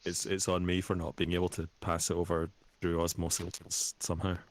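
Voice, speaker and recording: A man's voice: sits low, completely flat delivery, a little fast, vocal fry, slight background noise. A man, a voice actor in the group, taking the teasing with good-humoured self-mockery. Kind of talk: casual chat among players.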